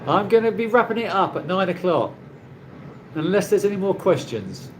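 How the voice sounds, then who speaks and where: A man's voice: sits high, very animated, normal speed, slight background noise. A man from England, hosting a rambling casual live chat with viewers from his condo, laughing often. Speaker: livestream host. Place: condo in the Philippines.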